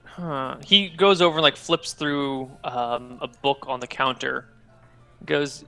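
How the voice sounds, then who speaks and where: Gravelly-voiced man running a tabletop game. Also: medium pitch, steady tone, slow pace, sharp tone, faint music behind. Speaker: game master.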